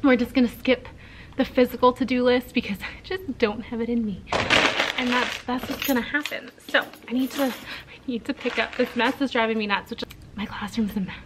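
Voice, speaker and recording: A woman's voice: a little high, fairly even intonation, brisk, background noise. A young woman teacher chatting casually to camera for her vlog, upbeat and self-mocking, her nose sore and stuffy after surgery. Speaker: teacher and vlogger.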